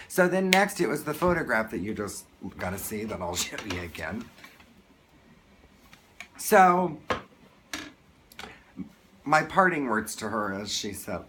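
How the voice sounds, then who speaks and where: A man telling a story to camera in a casual vlog, excited and gushing, often restarting his sentences. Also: mid-range voice, unhurried, slight background noise. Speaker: vlogger.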